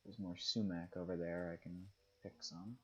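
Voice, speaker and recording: A young man giving relaxed, casual commentary while he plays a game, musing aloud and reading on-screen text. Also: sits low, normal speed, slightly rough, dull audio. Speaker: gaming streamer.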